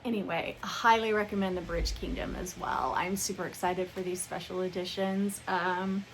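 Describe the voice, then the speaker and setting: A young adult woman hosting a book channel, chatting casually and gushing with excitement as she unboxes books at home. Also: lowish voice, normal speed, a little hiss or hum. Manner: gushing, excited, calls viewers "you guys". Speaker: booktube host. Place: home room with ring light.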